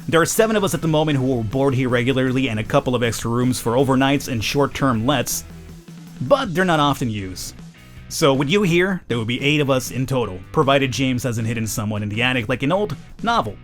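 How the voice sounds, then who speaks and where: A man's voice: medium pitch, expressive, a little fast, soft background music, close to an everyday voice. A man voicing a kind, chatty young man who welcomes a newcomer to a hostel, in a near-everyday voice. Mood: friendly.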